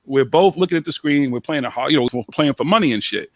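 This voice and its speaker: A man's voice: fairly high pitch, animated, quick pace. A man telling stories in casual chat, blunt and full of slang.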